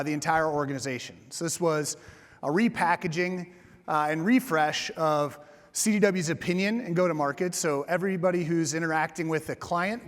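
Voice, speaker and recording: A man's voice: on the high side, big-room sound. A man giving a casual, joking conference keynote on a stage microphone, with many fillers. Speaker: keynote speaker. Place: large conference hall.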